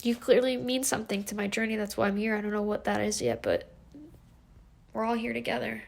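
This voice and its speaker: A woman's voice: a little high, animated, fairly quick, creaky, a little mellow. A woman in her twenties talking in an emotional, rambling confessional vlog, tearful and full of fillers. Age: 20s. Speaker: vlogger.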